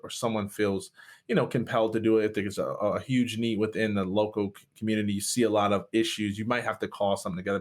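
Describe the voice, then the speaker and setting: A man from Michigan, a pastor, telling a personal story in an interview with rising passion. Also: on the low side. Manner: impassioned, voice rising sharply at peaks. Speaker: guest, pastor and speaker.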